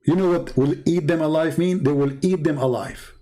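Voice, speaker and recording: Emphatic man, fairly high voice. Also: moderate pace, warm tone. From Middle East. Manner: emphatic, repetitive, broken English grammar. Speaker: Christian apologist. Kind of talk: casual monologue with storytelling.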